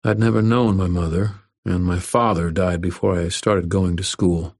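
A man narrates a first-person story at a measured, even pace. His voice sits very low and carries a husky grain. The recording is dry and close, with no room echo. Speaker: audiobook narrator.

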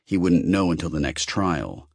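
Deep, husky male audiobook narrator. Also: normal speed, no room sound, studio quality. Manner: expressive, animated reading.

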